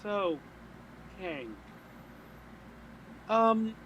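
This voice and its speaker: Brief: high-pitched male player, bursts into loud shrill in-character shouts, faint noise behind. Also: expressive, very slow, dull audio. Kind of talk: playing a tabletop game in character.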